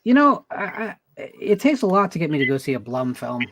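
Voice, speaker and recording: A man's voice: fairly high pitch, sing-song, fairly quick, a bit bright. A man with a New Jersey accent in casual podcast chat, blunt and wisecracking. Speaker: podcast guest.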